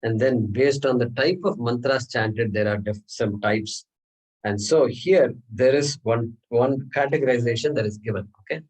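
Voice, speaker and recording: A man's voice: medium pitch, normal speed, a little mellow, slightly rough, poor audio. A man teaching a scripture class, explaining step by step, often checking in with "okay?" and asking the class rhetorical questions. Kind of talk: classroom lecture. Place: class room.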